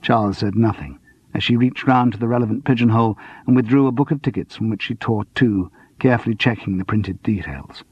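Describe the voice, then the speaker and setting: A man narrating a cozy mystery audiobook in an expressive, steady storytelling manner. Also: on the low side, a little fast, breathy edge, dry recording. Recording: dull lo-fi dry audiobook recording.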